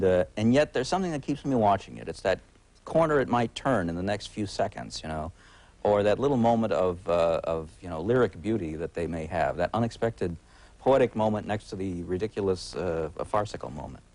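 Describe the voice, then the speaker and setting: A man in his forties, a TV critic guesting on a talk show, speaking in a halting, wry way full of uh's and restarts. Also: low-pitched, a little mellow, no echo, poor audio. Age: 40s. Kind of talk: casual talk-show conversation.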